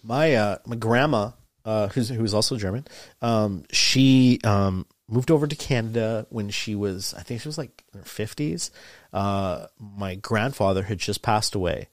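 A man's voice: on the low side, a little slow, no room sound, studio quality. A man, a comedian, joking and telling stories as a guest in a casual podcast chat. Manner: animated and joking, breaks into loud voices.

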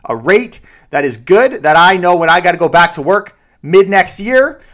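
A young man, a realtor giving daily market commentary in an animated way with joking asides. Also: high voice, moderate pace. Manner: animated, joking asides, playful self-mockery.

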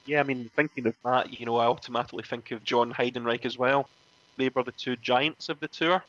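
A man, a former wrestling referee, telling animated stories in a casual interview, often laughing and acting out other people's lines. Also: mid-range voice, a little fast, lo-fi sound. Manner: animated, laughs often, acts out quoted voices.

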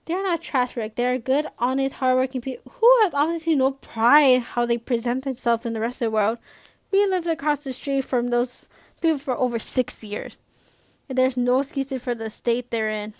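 A young woman reading aloud as an older grandfather who speaks calmly and firmly. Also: high-pitched, normal speed, dry recording, close to an everyday voice. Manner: steady and firm. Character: older grandfather, calm, firm and principled.

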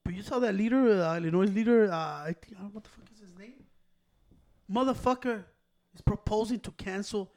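A man's voice: high-pitched, brisk, darkish tone. A man on a casual podcast, ranting heatedly with lots of swearing and bits of Spanish. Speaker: podcast co-host. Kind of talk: casual chat.

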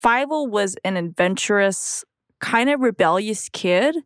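A woman's voice: medium pitch, expressive, measured pace, dry recording, studio quality. Chatty young woman co-hosting a podcast. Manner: chatty, full of fillers, gets emotional. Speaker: podcast co-host. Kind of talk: casual chat.

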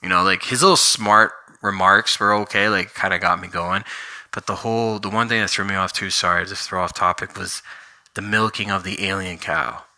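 A man vents his opinions on a movie in a loose, rambling rant. His voice sits fairly low but has a very sharp, bright edge. He keeps piling on fillers and sounds exasperated throughout. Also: steady tone, normal speed. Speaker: vlogger reviewing a movie. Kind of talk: casual rant.

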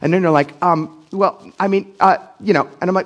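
A man's voice: high voice, steady tone, brisk. A middle-aged man from Pennsylvania preaching a casual, blunt sermon as pastor, acting out the people he quotes with big jumps in his voice. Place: church.

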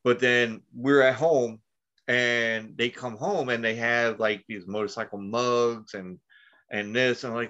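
A man's voice: mid-range voice, fairly even intonation, a little slow, a bit bright. A man hosting a casual podcast chat, telling long profane stories and laughing at them. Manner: rambling, profane, laughs at his own stories. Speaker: podcast host. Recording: dull lo-fi sound.

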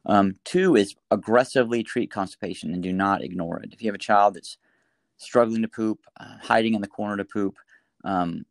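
A middle-aged man, a doctor talking through a story and advice in a casual interview, animated, with frequent restarts. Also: lowish voice, a little fast, creaky, no room sound. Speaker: pediatric doctor guest.

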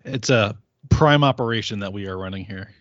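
A man's voice: fairly low pitch, fairly quick, dry recording. A man hosting a casual podcast chat, rambling and correcting himself and laughing often. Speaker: podcast host. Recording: slightly muffled dry podcast audio.

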